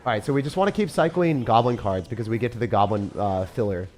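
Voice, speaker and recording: A young man giving casual, excitable gameplay commentary, often breaking into disbelief and calling the listener dude or bro. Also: on the low side, fast talker, soft background music. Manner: excitable, frequent disbelief outbursts, calls viewers dude and bro. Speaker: gaming creator.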